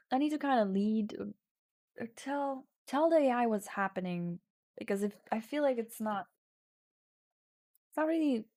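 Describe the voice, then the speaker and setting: A playful woman streamer reads a text adventure aloud at an unhurried pace. She is giggly and often breaks into loud mock shouting. Her voice is close and dry at a desk mic, with no room sound. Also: mid-range voice, no echo. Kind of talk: casual livestream, reading a text adventure aloud.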